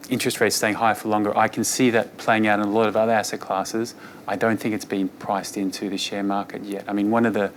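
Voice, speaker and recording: A fund manager, a man, giving an investor presentation on markets in a relaxed, conversational way with frequent fillers. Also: lowish voice, slight background noise.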